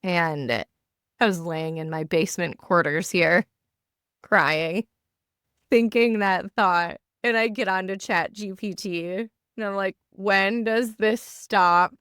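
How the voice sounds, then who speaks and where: A woman in her thirties speaks in a low voice, chatting casually as a podcast co-host. She talks haltingly, restarting sentences and leaning on fillers. The sound is dry and close, with no room echo. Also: a bit bright, clear, resonant tone. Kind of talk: casual chat. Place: home basement.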